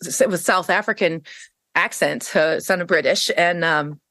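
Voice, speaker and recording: A woman guest on an interview podcast, telling a personal story in a casual, animated way, jumping into a higher pitch when she quotes people. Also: normal speed, dry recording, clean studio sound. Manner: frequent fillers and restarts.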